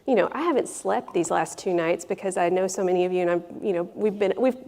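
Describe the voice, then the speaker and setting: A woman with a gravelly, creaky voice speaks as a panelist, musing thoughtfully with plenty of fillers. Her words carry a long reverb in a large hall. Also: lowish voice, fast, a little mellow. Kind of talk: panel discussion.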